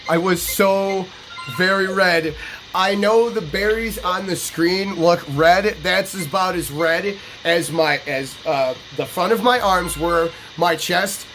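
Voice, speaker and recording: Young male gaming host, casual storyteller, profane and animated, voice sits a bit high, faint game music behind. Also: poor audio. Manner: animated, profane, jumps into high excited yelps. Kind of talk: casual storytelling over gameplay. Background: background game music.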